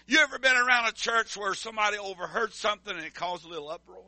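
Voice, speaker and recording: A man's voice: high-pitched, animated, fast, few pauses, sharp tone, dry recording. A middle-aged man preaching a sermon as pastor, calling for responses from the congregation. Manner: emphatic call-and-response preaching.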